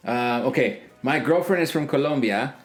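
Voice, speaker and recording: A man's voice: medium pitch, animated, normal speed, faint music behind. A man co-hosting a casual podcast chat, joking around, swearing freely and laughing often. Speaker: podcast co-host.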